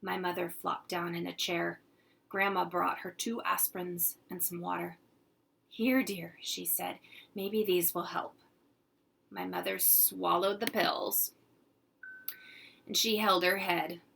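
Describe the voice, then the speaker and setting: A woman teacher reading a children's chapter book aloud in gentle, unhurried storytelling. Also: lowish voice, flat delivery, creaky, a little hiss or hum.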